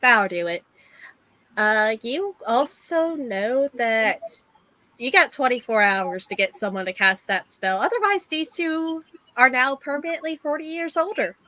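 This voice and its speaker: A woman narrating a tabletop game as game master, giving calm rulings. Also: sits high, unhurried, dry recording.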